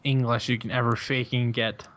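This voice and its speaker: A man's voice: medium pitch, level tone, moderate pace, fairly bright tone. A young man, a podcast guest, chatting casually, rambling with lots of fillers and laughing often. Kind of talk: casual chat.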